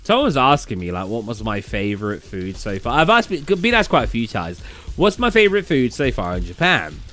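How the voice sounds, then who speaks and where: A man's voice: mid-range voice, wildly swooping pitch, fairly quick, bright, forceful tone. A man with a southern English accent, rambling casually as a gaming streamer who answers his chat.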